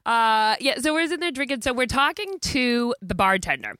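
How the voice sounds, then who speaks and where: A woman tells a rambling story in casual chat, laughing often and acting out the voices of the people in it. Her voice is bright and sharp, and it sounds close and dry. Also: mid-range voice, very animated, a little slow, no room sound. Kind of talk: casual anecdote.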